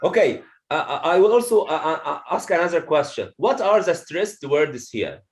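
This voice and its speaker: Man, teacher, fairly high voice, classroom lesson, repeats himself, checks understanding. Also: very animated, normal speed. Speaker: English teacher. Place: classroom with students.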